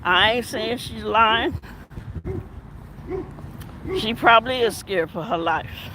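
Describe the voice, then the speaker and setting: A woman's voice: fairly high pitch, slow. A woman and former detective giving casual commentary on an outdoor walk, her mouth numb from dental work, talking in a drawl with laughing asides. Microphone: phone. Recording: loud outdoor background noise.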